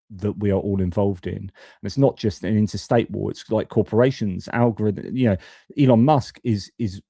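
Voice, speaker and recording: A man's voice: fairly low pitch, dark tone, dry recording, studio quality. A man, hosting a live stream and giving blunt, casual commentary with swearing and frequent restarts. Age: 40s. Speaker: host of a geopolitics live stream.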